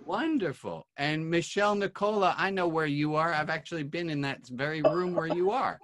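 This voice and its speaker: A man's voice: on the high side, moderate pace, fairly bright tone, a little hiss or hum. A man hosting an online class, calling on each guest by name in a friendly, casual way over a video call. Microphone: computer mic on a video call.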